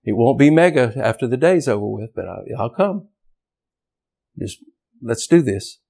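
This preacher has a creaky, mid-range voice and an animated delivery at normal speed. His impassioned sermon leans on emphasis and repetition, swelling toward near-shouts at the crucial moments.

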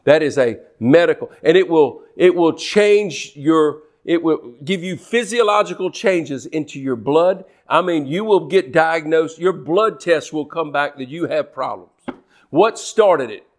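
A male preacher, delivering a lively sermon and mimicking complainers in whiny voices. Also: on the high side, measured pace. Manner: animated, mocks worriers in whiny put-on voices.

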